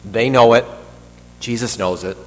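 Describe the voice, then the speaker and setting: A man's voice: medium pitch, a little slow. A man, a priest, giving a conversational, digressive homily with joking asides. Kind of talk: sermon. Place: church hall. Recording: long hall reverb, faint hum.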